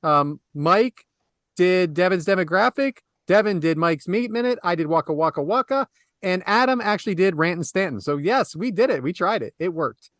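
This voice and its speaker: A man with a fairly high voice co-hosts a casual podcast. He chats loosely and laughs often between listener questions. The sound is dry and close-miked. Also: animated, normal speed, fairly bright tone, no echo. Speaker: podcast co-host.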